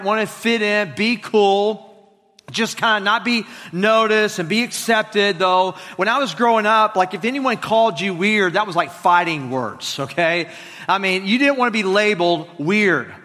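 A man in his forties with a Southern drawl, preaching a sermon as pastor in an energetic, conversational way with joking asides. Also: high voice. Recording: long reverb of a large hall.

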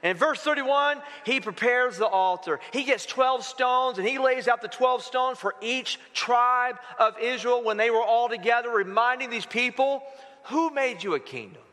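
A man's voice: extremely high pitch, normal speed, hardly any pauses, sharp tone. A man preaching a sermon as pastor, asking the congregation rhetorical questions and mixing in humorous asides. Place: church sanctuary. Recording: long reverb of a large hall.

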